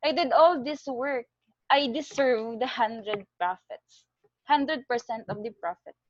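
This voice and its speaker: A poor male beggar pleads slowly and humbly in a spoken parable, voiced by a woman with a Filipino accent. The voice sits fairly high. The recording is dry and close, with a dull, lo-fi sound. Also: dry recording. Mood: pleading.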